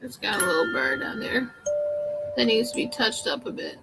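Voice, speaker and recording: A woman's voice: a little high, big pitch swings, moderate pace, vocal fry, over loud music, low-quality recording. A woman chatting casually through a live thrift haul, rambling with many fillers. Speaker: vintage seller vlogger.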